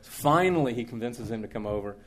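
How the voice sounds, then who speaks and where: A man telling an anecdote to a live audience in a conversational, animated way, acting out the quotes. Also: medium pitch, fairly quick, a little hiss or hum. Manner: animated, conversational, with frequent restarts and acted-out quotes. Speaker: speaker recounting diplomatic experiences.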